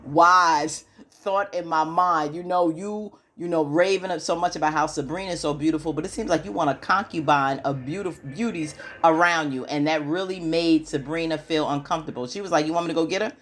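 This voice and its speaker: A woman's voice: low voice, moderate pace, few pauses, a bit bright. A woman giving a chatty, casual recap of a TV episode, with lots of "you know" fillers and questions to her audience. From United States. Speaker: TV recap YouTuber.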